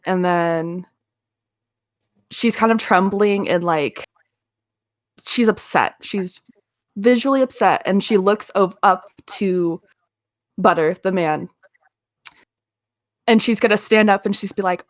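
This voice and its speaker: A woman's voice: mid-range voice, animated, slow pace, long pauses, dry recording, studio quality. Hesitant woman narrating her character. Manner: hesitant, many fillers. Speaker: player. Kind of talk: casual game narration.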